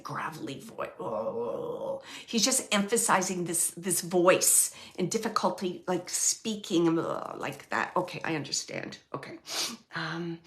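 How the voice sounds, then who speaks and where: A woman working as a medium, giving a live reading to an audience member, talking in halting phrases with many fillers and repeating words as she relays messages. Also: medium pitch, a bit bright. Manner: relays messages, quotes the dead man.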